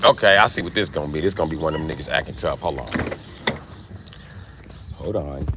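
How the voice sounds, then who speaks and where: A man's voice: extremely low pitch, a little fast, background noise. A man hosting a livestream who rants in a profane, combative way in casual talk. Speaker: livestream host.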